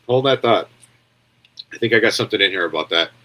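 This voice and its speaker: A man's voice: fairly low pitch, lively intonation, fast, bright, forceful tone. A man hosting a casual news commentary stream, rambling bluntly and answering viewer comments as he goes. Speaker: commentary show host.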